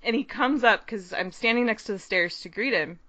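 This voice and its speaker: A woman co-hosting a podcast, telling a long, excited story in casual chat, rambling and laughing often. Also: fairly high pitch, moderate pace, no echo. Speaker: podcast co-host.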